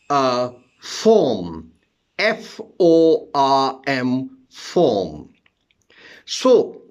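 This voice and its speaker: A man teaching an English listening test lesson, explaining step by step, spelling words out letter by letter and repeating key terms. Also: mid-range voice.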